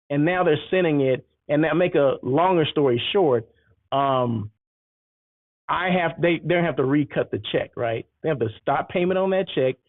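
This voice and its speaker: A man hosting a casual monologue, telling an animated story and acting out both sides of the exchanges. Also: fairly high pitch, dry recording. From United States. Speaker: host. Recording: tinny phone-like sound.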